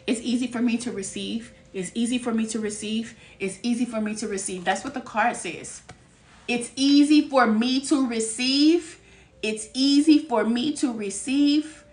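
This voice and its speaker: A woman giving a live tarot reading. She talks in a candid, lively way, laughs often and uses streetwise slang. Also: on the low side, recorded from a distance, slight background noise. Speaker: tarot reader. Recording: echoey room, voice a bit off-mic.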